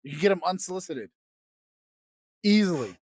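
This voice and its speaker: A man hosting a comedy podcast, ranting crudely and swinging between loud outbursts and quiet asides. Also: high voice, animated, moderate pace, no echo. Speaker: podcast host. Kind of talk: comedic rant.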